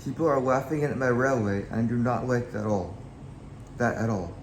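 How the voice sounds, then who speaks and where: A man's voice: medium pitch, moderate pace, slight background noise, natural voice. A man reading a storybook aloud, voicing a stout male railway boss who is formal and scolding. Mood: stern. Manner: formal, scolding then kindly. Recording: echoey room, faint background.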